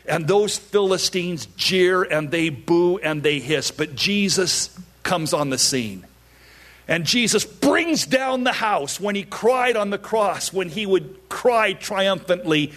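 A middle-aged man preaches from the pulpit, leaning on repeated phrases to build his point. His voice sits high and swings widely in pitch, and he lets the words come out slowly. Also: expressive. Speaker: pastor. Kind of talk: sermon.

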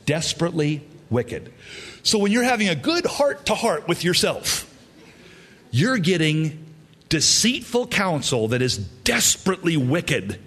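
Husky, lively preacher man. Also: fairly high pitch, unhurried. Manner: emphatic, repetitive preaching with acted asides. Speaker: pastor. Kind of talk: sermon.

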